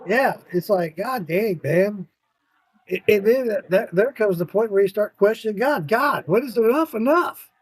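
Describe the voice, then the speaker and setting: A man with a notably high voice, chatting casually on a podcast. He tells stories with lots of energy, swears freely and breaks into laughs along the way. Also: moderate pace, slightly rough, dry recording. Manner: animated storyteller, swears freely, laughs often. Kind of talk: casual chat.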